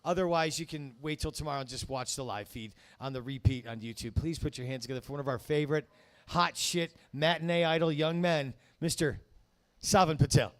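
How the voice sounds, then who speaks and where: A man's voice: fairly high pitch, brisk, fairly bright tone. A man hosting a stand-up comedy show, rambling and cracking wise, often cutting himself off mid-sentence. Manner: rambling, self-interrupting wisecracks. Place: comedy club stage.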